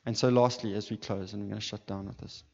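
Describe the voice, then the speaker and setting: A man's voice: fairly low pitch, steady tone, fast, gravelly, darkish tone. Man preaching in a reverberant hall. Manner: impassioned, rising to calls. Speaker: pastor. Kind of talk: sermon. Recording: dull sound with long hall reverb.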